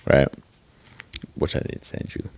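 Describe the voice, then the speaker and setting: A man's voice: measured pace, darkish tone, dry recording. A man co-hosting a podcast in casual chat, telling rambling stories with swearing and acted-out quotes. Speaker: podcast co-host.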